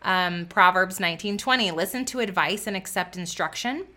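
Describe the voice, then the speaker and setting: Fervent woman with a bright voice. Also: medium pitch, fairly quick. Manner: fervent, preachy, with a lot of repetition and "like". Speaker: faith business coach. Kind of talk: motivational talk to camera.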